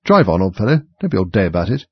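A man voicing a blunt, impatient winged beast in a storybook reading, loud and scolding. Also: low-pitched, very animated, very fast, slightly rough, no echo, lo-fi sound, full character voice. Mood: brusque.

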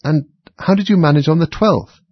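A man's voice: fairly low pitch, very animated, fairly quick, creaky, breathy edge, no room sound, dull audio, exaggerated voice. A man voicing a polite, curious little girl in a storybook reading, with raised, eager questions.

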